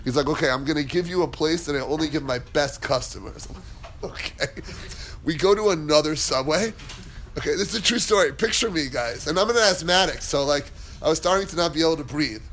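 A man with a somewhat high voice gives a relaxed Torah class. He talks in a chatty, wandering way and breaks into laughter as he tells stories. A faint background noise sits under his voice. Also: a little fast. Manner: chatty, digressive, laughs while telling stories. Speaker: Torah teacher. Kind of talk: casual Torah class with storytelling.

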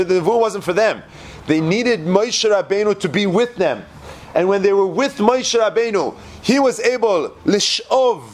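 A man giving a Torah class, quoting Hebrew verses and translating them, dropping to a low hush at dramatic moments. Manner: expressive, quotes Hebrew verses then translates. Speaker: Torah teacher.

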